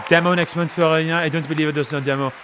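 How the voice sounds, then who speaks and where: A man's voice: a little high, fairly even intonation, racing, fairly bright tone, a faint crowd, a little hiss or hum. Chatty joking male streamer. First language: French. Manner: joking, laughing, teasing remarks. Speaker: streamer co-streaming an awards show. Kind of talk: casual live reaction commentary.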